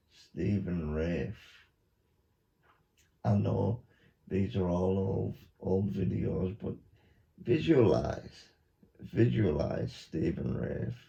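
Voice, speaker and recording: Slow gravelly man, mock hypnosis. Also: lowish voice, warm tone. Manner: slow, repetitive, coaxing instructions. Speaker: YouTuber. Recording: dull lo-fi recording.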